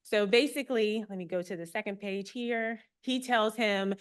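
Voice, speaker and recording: A woman's voice: mid-range voice, moderate pace, hardly any pauses, clean tone. A woman archivist giving a public talk to a live audience, friendly and explanatory with a light touch of humor.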